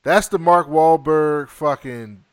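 A man co-hosting a casual movie review chat, reading off a list and adding quick casual opinions. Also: on the high side, smooth, no echo. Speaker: podcast co-host.

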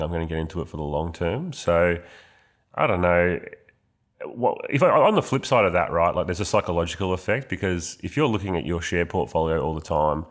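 Low-voiced male podcast co-host, nasal from a cold, playful, competitive. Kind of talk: casual finance podcast debate.

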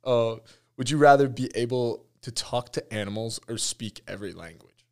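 A young man hosting a casual podcast chat. He talks in a loose, slangy way, full of fillers and quick laughs, at an everyday middle pitch. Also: darkish tone. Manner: laid-back slangy talk, many fillers, laughs often. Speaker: podcast host.

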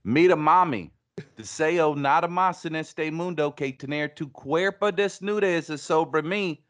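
A man voicing a smooth-talking Texan tycoon who speaks Spanish with a thick Southern twang, in a flirty, drawling, exaggerated manner. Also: on the high side, a little slow, fairly bright tone, voice pushed up.

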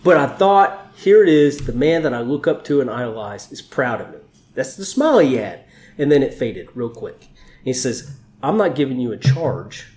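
A man's voice: medium pitch, sing-song, normal speed, darkish tone. A man sits with an interviewer and talks through his stories in a candid, emotional way, swearing as he goes. His voice sits in the middle range for a man. The room around him gives it a roomy echo. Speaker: interview guest, Navy chief. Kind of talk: conversational storytelling.

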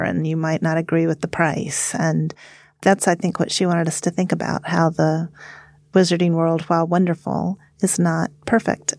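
A woman professor with a fairly low voice talks as a podcast guest. She speaks in a calm and measured way, and the sound is dry and close. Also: gravelly, no room sound. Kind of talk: casual reflective discussion.

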